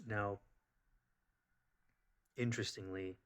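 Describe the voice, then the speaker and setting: A man's voice: on the low side, takes it slowly. Rambling man telling a story. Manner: rambling, animated, full of fillers. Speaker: vlogger. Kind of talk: casual personal storytelling.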